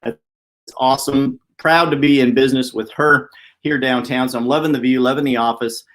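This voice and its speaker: Man host, quick chatty motivational live-stream talk, mid-pitched, office setting. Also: steady tone, a bit bright. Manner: fast-talking, upbeat, chatty. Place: downtown office.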